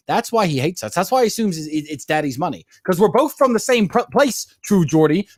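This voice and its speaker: A man fires off boastful insults at a quick clip, his voice high-set and swinging up and down in pitch. The sound is dry and close, with no room around it. He stays combative and scornful throughout. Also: a little mellow, no echo. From Luton, England. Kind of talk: combative talk show rant.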